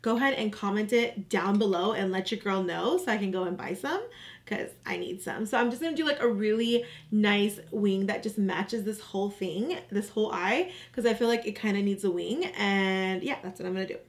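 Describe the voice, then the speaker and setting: A woman's voice: medium pitch, a little fast, hardly any pauses. A young woman chatting casually to her viewers as she walks through a makeup tutorial. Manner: chatty, relaxed, addresses viewers as "you guys". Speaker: beauty vlogger.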